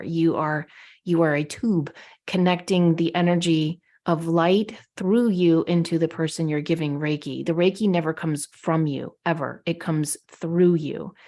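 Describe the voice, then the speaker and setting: A woman's voice: fairly low pitch, a little mellow. A woman co-hosting a podcast, telling stories in an indignant, opinionated way during casual chat. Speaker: podcast co-host.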